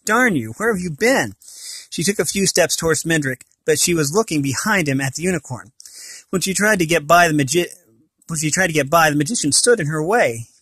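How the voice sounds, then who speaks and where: A man's voice: fairly high pitch, a little fast, a bit bright, husky, no echo. A man reading a storybook aloud, often stumbling and correcting himself mid-sentence. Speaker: reader of a novel.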